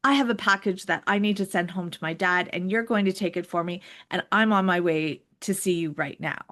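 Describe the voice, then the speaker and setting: A woman's voice: on the low side, a little fast, a bit bright, close to an everyday voice. A woman voicing a tiny, bossy elderly church lady who gives orders and will not take no for an answer. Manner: commanding, brooks no refusal.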